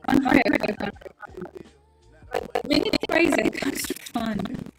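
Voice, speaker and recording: A woman's voice: high-pitched, animated, unhurried. A young woman chats casually to her viewers during a live trading stream. She sounds emotional and apologetic, half talking to herself. Faint music plays behind her voice. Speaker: trading livestream host. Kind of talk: casual livestream chat to viewers.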